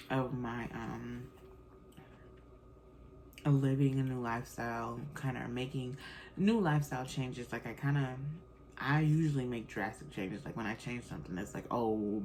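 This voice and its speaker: A woman's voice: a bass voice, moderate pace, long pauses, a little mellow, slight background noise, low-quality recording. A woman in her thirties hosting her own podcast, talking casually with lots of fillers and slang. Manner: chatty and loose, frequent fillers and slang. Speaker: podcast host. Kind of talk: casual chat.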